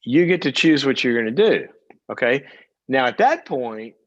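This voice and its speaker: A psychologist hosting a call-in advice show coaches a caller directly, briefly acting out parents and kids. His mid-range voice is very animated at a normal speed. The recording is muffled but has no echo.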